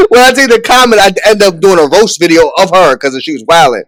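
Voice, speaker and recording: Brief: high-voiced man talking slangy and loose, restarting his sentences, a podcast guest. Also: big pitch swings, normal speed, a bit bright. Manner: slangy, repeats words, calls others son. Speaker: podcast guest, reaction creator. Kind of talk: casual chat.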